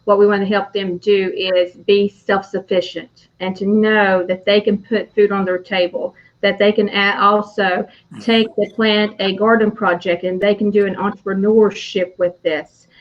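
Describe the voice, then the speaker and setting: A woman guest answers questions in a flat, even voice, filling pauses with "uh" and "you know". Her audio is dull and lo-fi, like a remote call. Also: medium pitch. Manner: steady, with many fillers. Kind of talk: interview answer.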